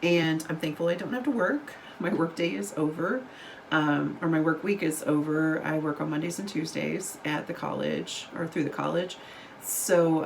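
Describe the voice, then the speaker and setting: A woman's voice: low voice, gravelly, a little hiss or hum, poor audio. A woman, a book vlogger chatting casually to camera over coffee, rambling and giggling, still getting over an illness. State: recovering from illness.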